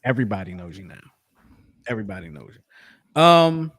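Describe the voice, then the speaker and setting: A man's voice: lowish voice, very animated, normal speed, fairly bright tone. Rambling male podcast co-host. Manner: rambling, repeats himself, frequent fillers. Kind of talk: casual sports chat.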